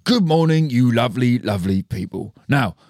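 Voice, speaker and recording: A man with a British accent doing an impression of a relentlessly upbeat male motivational guru giving loud, punchy pep talks. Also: mid-range voice, animated, moderate pace, dry recording, clean studio sound, close to an everyday voice. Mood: hyped.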